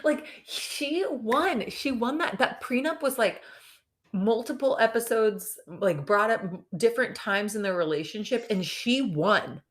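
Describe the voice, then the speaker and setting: A woman's voice: a little high, expressive, unhurried. A woman co-hosting a podcast, chatting casually about a reality show, laughing often and filling her talk with "like.". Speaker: podcast co-host.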